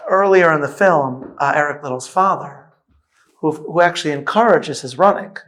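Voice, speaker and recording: A man's voice: a little high, normal speed, a bit bright. A middle-aged rabbi, a man who is a witty storyteller, talking as the guest of a live onstage conversation. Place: event hall with audience.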